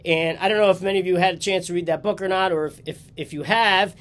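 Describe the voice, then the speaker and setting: Man, nasal, stuffy from a cold, slightly high voice, upbeat rambling vlog host, home office. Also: fairly even intonation, fast, fairly bright tone. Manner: upbeat, rambling with fillers and restarts. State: congested with a cold. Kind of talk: casual vlog talk to camera.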